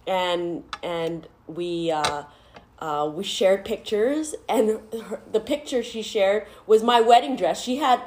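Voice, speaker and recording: A woman's voice: mid-range voice, takes it slowly, darkish tone, slight background noise. A woman in her thirties, chatting casually as a host, laughing often and tearful at times. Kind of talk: casual chat.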